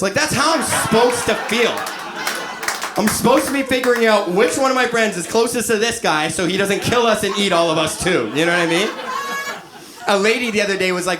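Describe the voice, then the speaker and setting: A man in his thirties performing a crude, animated stand-up comedy set on a club stage, acting out quoted voices. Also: high-pitched, fast, a crowd in the background. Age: 30s. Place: comedy club stage before a laughing audience.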